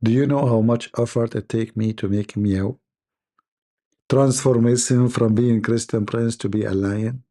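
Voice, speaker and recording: Gravelly, sarcastic male host. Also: medium pitch, steady tone, mellow. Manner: sarcastic, halting, many fillers and repeats. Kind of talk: mocking live commentary.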